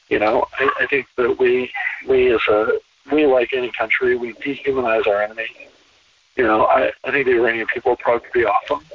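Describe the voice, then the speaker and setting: A man's voice: medium pitch, far from the mic. An American man talking in a rambling, emphatic way, repeating himself, heard over a tinny phone line. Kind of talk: casual conversation.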